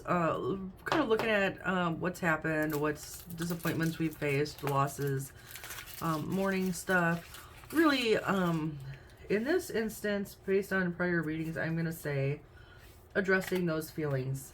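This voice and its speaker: A woman giving a casual tarot reading at home, chatty, with frequent "um"s and "okay?"s. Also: on the low side. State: hiccups. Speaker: tarot reader. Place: home room with window open. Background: faint noise from outside.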